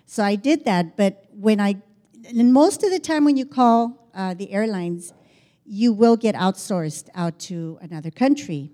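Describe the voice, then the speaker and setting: A woman's voice: mid-range voice, unhurried. An older woman telling a personal story in a chatty way, acting out the dialogue as she goes. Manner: chatty, animated, quotes dialogue, frequent restarts.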